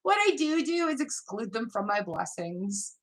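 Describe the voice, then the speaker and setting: A woman's voice: a little high, sing-song, a little slow. A woman giving a live tarot reading, chatting casually and laughing often. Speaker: tarot reader.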